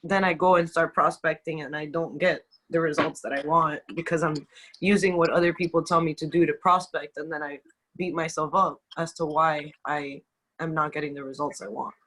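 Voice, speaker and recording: A woman's voice: sits low, fairly even intonation, normal speed, fairly bright tone, rough recording. A woman from Cuba being coached, talking in a chatty way with many fillers. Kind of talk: casual chat.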